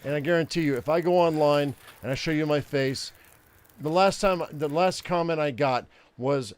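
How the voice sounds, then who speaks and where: A man's voice: fairly high pitch, moderate pace. An older man giving casual, profane gameplay commentary, ranting and rambling with frequent restarts. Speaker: gaming streamer.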